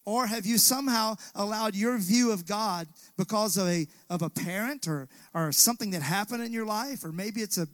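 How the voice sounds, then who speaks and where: High-voiced man preaching a sermon. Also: normal speed, few pauses, fairly bright tone, no room sound. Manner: preaching with call-and-response to the congregation. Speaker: pastor. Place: church sanctuary.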